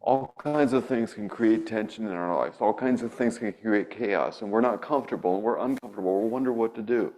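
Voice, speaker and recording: A man with a fairly low voice preaches in a church. He talks in a relaxed, conversational way, drifting into stories from his own past as a pastor. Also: a little fast, few pauses, low-quality recording. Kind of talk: sermon. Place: church sanctuary.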